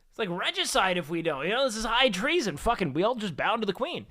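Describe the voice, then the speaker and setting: A man's voice: high-pitched, huge pitch swings, a little fast, pauses often, fairly bright tone, no room sound, studio quality. A man streaming, chatting casually and telling rambling, profane stories.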